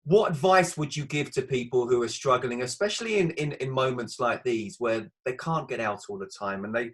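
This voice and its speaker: Quick, conversational male interviewer. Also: mid-range voice, rough recording. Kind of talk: casual interview.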